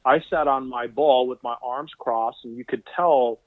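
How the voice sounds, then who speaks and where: A man, a physical therapist guest on an interview podcast, telling stories in an animated way and quoting people as he goes, heard over a call line. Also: mid-range voice, moderate pace, dry recording. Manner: animated anecdotal storyteller, quotes people in voices. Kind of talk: conversational interview storytelling. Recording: tinny phone-line sound.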